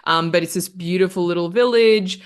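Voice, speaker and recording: A woman's voice: fairly low pitch, moderate pace, clear, resonant tone. A woman from Central Italy, a podcast guest chatting casually and rambling with many fillers and self-corrections.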